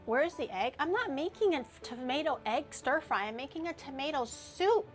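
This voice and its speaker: A young woman streamer chatting casually and rambling as she cooks, with loud playful outbursts. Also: high voice, animated, moderate pace, faint music behind. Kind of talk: casual cooking stream chat.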